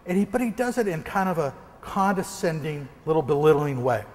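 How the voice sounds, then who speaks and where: A motivational speaker from the American Northwest, a man, telling a lively story during a keynote and acting out gunshots. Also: fairly high pitch, fairly quick, long reverb tail. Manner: animated, acts out gunshots and quoted voices. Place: large hall before an audience.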